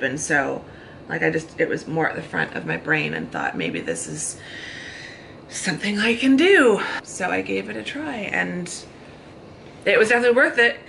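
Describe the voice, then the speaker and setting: Bright, gravelly American woman chatting. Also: on the low side, a little hiss or hum, poor audio. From United States. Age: 30s. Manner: chatty, talks in long run-on thoughts. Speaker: vlogger. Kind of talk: casual chat. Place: hotel room.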